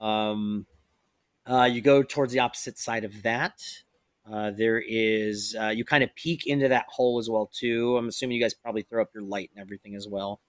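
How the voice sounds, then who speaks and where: A man's voice: on the low side, fairly even intonation, brisk, no room sound. A man narrating a tabletop game as game master, rambling with lots of fillers.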